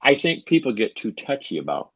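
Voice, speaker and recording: A man's voice: mid-range voice, very animated, a little fast, a bit bright, husky, no room sound, dull audio. A man in his sixties, a writer guest talking casually in an interview, with dry, wry humor. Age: 60s. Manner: dry, wry, self-deprecating storyteller. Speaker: author guest.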